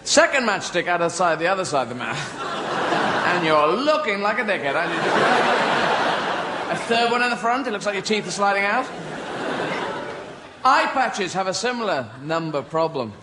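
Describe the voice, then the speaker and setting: A man performs stand-up in a high, very lively voice. He rambles through surreal tangents and loses his thread along the way. Loud background noise runs under this live recording. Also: moderate pace, long pauses. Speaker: stand-up comedian. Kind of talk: stand-up comedy.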